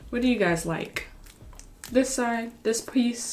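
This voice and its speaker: A woman hosting an eating show, chatting casually to the camera and pausing to taste and murmur between bites. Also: on the high side, a little mellow, slight background noise. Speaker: mukbang host.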